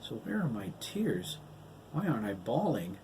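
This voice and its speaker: A man's voice: medium pitch, big pitch swings, moderate pace, a little mellow, slight background noise, natural voice. A man reading the part of a wry, anxious woman in an audiobook.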